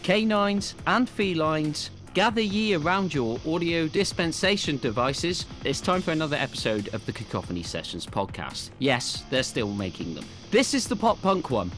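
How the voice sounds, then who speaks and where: A man's voice: a little high, very animated, normal speed, hardly any pauses, fairly bright tone, soft background music. A man in his thirties hosting a podcast, introducing everyone with grand announcer flourishes and puns. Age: 30s. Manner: grandiose, pun-filled announcing. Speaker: podcast host.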